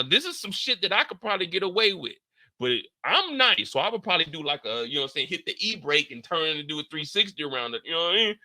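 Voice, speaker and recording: With vocal fry and no room sound, a man gives casual commentary on a TV show, swearing and staying animated as he acts out moments in high squeals and shouts.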